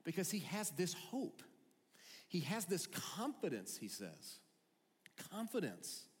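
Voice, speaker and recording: A male pastor preaching a sermon, earnest and conversational, with animated storytelling. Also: high-pitched, slow pace. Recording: long hall reverb, faint music.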